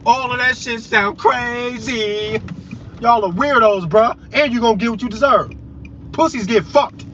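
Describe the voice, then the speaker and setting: A man's voice: very high-pitched, unhurried. A man delivering a heated, profane, confrontational rant straight to his viewers. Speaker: vlogger. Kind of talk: ranting monologue to viewers. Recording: dull lo-fi audio with loud road noise.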